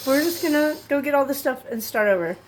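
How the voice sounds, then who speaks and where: A woman's voice: sits high, expressive, quick pace, a little hiss or hum. A woman chatting casually in her home kitchen while cooking, thinking aloud and getting easily exasperated. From Utah. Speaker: cooking vlogger.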